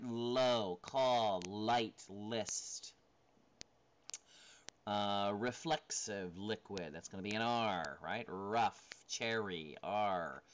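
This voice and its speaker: Low-voiced male instructor, lo-fi recording. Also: a bit bright. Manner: casual, repeats "right?", frequent fillers. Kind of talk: recorded slide lecture. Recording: dull lo-fi recording with faint noise.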